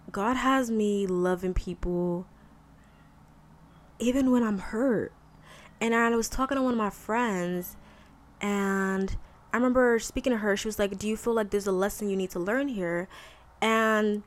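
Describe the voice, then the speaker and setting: Candid woman in casual faith talk. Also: mid-range voice. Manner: candid, conversational, colloquial with frequent fillers. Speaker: podcast host.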